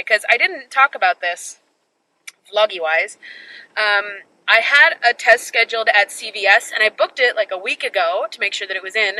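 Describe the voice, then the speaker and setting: Young woman vlogger, very bright tone, chatty and self-mocking, recorded on a handheld phone. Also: mid-range voice, poor audio. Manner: chatty, rambling, laughs at herself. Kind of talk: casual travel vlog. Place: family home, then in a car.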